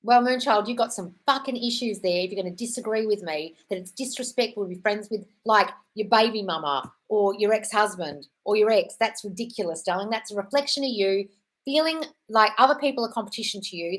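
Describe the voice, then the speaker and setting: A woman's voice: a little high, fast, a bit bright, low-quality recording. Blunt, sweary woman host. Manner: blunt and sweary, gushing to viewers with "darling". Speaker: livestream host reading viewer comments. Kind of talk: casual live Q&A chat.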